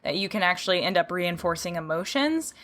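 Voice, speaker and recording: A woman's voice: lowish voice, animated, a little fast, fairly bright tone, slight background noise. A woman hosting a horse-training podcast, chatting casually, giggling often and acting out her own reactions. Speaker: podcast host.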